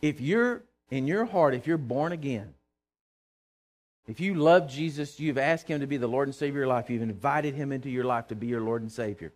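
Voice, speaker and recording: A man's voice: medium pitch, brisk, a little mellow. A middle-aged man preaching a fervent sermon, calling on the congregation to answer him. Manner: fervent, calls for responses from congregation. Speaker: pastor.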